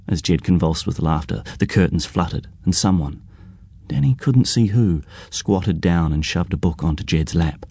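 A man reading a novel aloud in a measured, even storytelling voice. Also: low-pitched, breathy edge, no room sound, clean studio sound. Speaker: audiobook narrator. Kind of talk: scripted narration.

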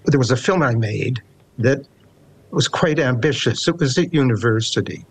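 An older man with a Canadian accent, in his seventies, talks in an unhurried, reflective way with a dry, wry edge. He speaks as a poet being interviewed and reads his own verse aloud. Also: medium pitch, lively intonation, gravelly, slightly rough. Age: 70s. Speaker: poet guest. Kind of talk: casual interview and poetry reading.

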